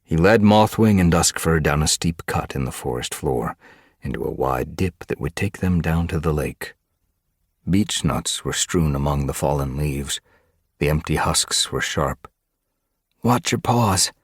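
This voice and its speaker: A man narrating an audiobook with steady storytelling. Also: extremely low pitch, a little slow, slightly rough, dry recording, studio quality. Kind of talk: scripted narration.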